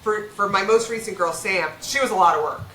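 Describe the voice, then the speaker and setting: A woman veterinarian speaking frankly and casually as a podcast guest, talking in quick bursts with restarts. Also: mid-range voice, sharp tone. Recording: echoey room with faint background hum.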